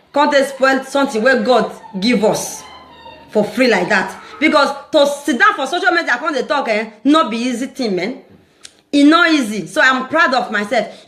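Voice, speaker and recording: A Nigerian woman talking casually to her followers in a vlog, animated and preachy, often laughing as she speaks. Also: high-pitched. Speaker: social media vlogger.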